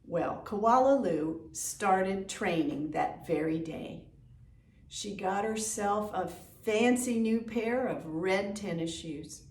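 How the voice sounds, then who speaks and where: Slow, gentle woman reading a children's story. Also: mid-range voice. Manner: gentle and expressive, inviting listeners to join in. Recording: echoey room, distant mic.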